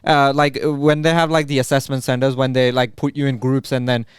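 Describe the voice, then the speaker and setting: A man's voice: medium pitch, fairly quick, smooth, dry recording. A young man, co-hosting a podcast and telling stories in a loose, rambling way full of "like" and "uh". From Australia. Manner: relaxed, filler-heavy with frequent "like" and "uh". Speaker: podcast co-host. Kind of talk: casual chat, storytelling.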